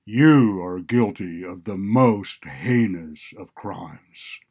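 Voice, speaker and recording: A man voicing a cold, commanding chief judge with a deep, resonant voice, delivering loud, slow, measured pronouncements. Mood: stern.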